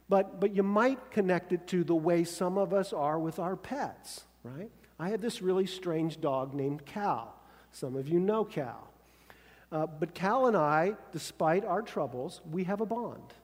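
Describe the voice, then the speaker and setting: A man's voice: on the high side, a little mellow, in a large hall. A man preaching a conversational sermon, often checking in with his listeners by asking "right?". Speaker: pastor.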